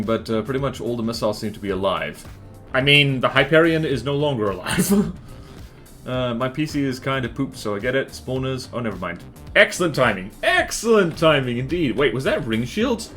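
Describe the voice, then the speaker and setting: A male game streamer with a lively, bouncing voice that rises and falls a great deal. He rambles through his opinions while reacting to the fights on screen and chatting with his viewers. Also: medium pitch, fairly quick, faint music behind.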